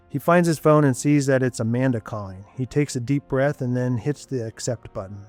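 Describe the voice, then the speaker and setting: A man reading scripted narration for an audio story in an even, measured way. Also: mid-range voice, soft background music.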